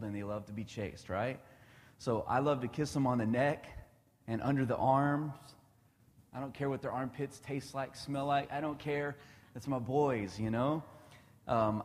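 A man's voice: mid-range voice, a little mellow, in a large hall. A man in his thirties giving a casual devotional talk, chatty and laughing often.

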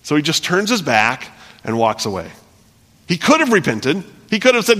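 A man preaching a sermon, earnest and repetitive, swinging between loud emphasis and hushed delivery. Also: on the high side, huge pitch swings, moderate pace. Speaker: pastor. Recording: long hall reverb.

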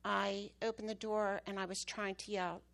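A woman's voice: medium pitch, little pitch movement, normal speed, vocal fry, fairly bright tone. A woman preaching to her church, telling a story with emphatic, rising bursts at the key moments. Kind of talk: sermon testimony.

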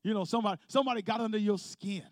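Man, pastor, high-pitched voice, dry recording, call-and-response sermon. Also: very fast, dry recording. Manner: preaching with call-and-response and rising intensity. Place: church sanctuary with congregation.

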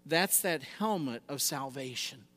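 A man preaching a sermon, emphatic, swinging between loud exhortation and quiet, low passages. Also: animated, measured pace, long reverb tail.

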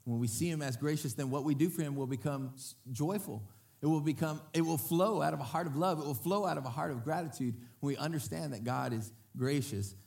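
A man preaching a sermon to his congregation. He speaks in a lively way, asks the crowd to repeat words back to him, and often acts out what other people say. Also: a little high, brisk, creaky. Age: adult parent. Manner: lively, often breaks into acted quotes. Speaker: pastor.

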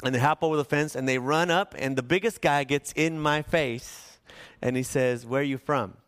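Pastor, male, from Southern California, smooth resonant voice, animated sermon storytelling. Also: on the high side. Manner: animated storytelling, shifts between fast and slow.

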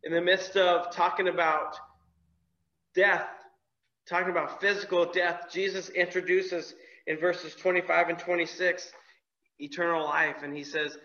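A man's voice: high-pitched, flat delivery, unhurried, bright, forceful tone. A man preaching a sermon as a pastor, talking in a loose, conversational way with frequent restarts and fillers. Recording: echoey room, dull lo-fi sound.

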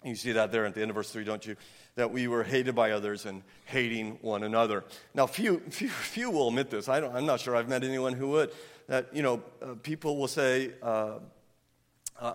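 A man preaching a sermon to his congregation, animated, breaking into loud mock outrage when he quotes people. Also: medium pitch, normal speed. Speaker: pastor. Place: church sanctuary. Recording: long hall reverb.

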